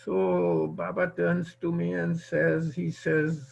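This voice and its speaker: A man's voice: fairly high pitch, sing-song, slow pace, vocal fry, a little mellow, soft background music. An older man, born in India, tells a personal story at an online gathering, quoting remembered conversations. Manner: retells remembered dialogue, quoting others. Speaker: guest speaker. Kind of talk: storytelling talk. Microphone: video call.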